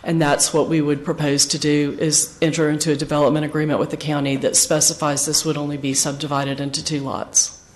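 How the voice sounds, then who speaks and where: Hoarse woman, applicant's rep at a hearing, businesslike and precise. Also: sits low, little pitch movement, a little fast. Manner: precise and businesslike, explains procedure step by step. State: hoarse, losing her voice. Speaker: representative for an applicant at a public hearing. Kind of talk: formal testimony at a planning meeting.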